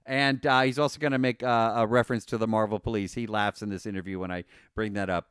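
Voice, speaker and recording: A man co-hosting a podcast, talking casually and excitedly with many fillers and restarts. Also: on the low side, fast talker, clean tone, dry recording, clean studio sound. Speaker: podcast co-host.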